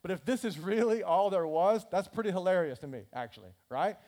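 A male pastor preaching with a high-pitched voice. He talks casually and with animation, breaking into character voices as he explains a passage. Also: a little fast. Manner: animated, conversational, acts out scripture characters. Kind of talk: sermon.

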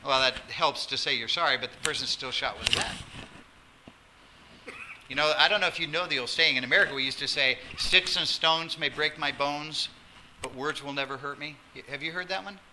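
A man preaching a sermon as pastor, animated, acting out quotes and dropping to a soft voice for emphasis. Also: a little high, brisk. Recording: noisy sermon recording.

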